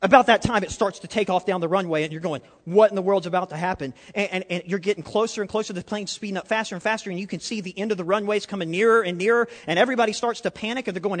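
A man's voice: sits high, a bit bright. A man preaching a sermon, asking the congregation questions and telling a story along the way. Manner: interactive, asks audience questions, storytelling. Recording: reverberant hall.

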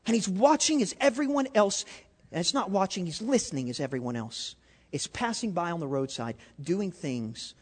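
He delivers a sermon that draws the congregation in with questions and includes a story along the way. The voice sits high with lively intonation and a breathy edge, moving at normal speed, and the hall around him is reverberant.

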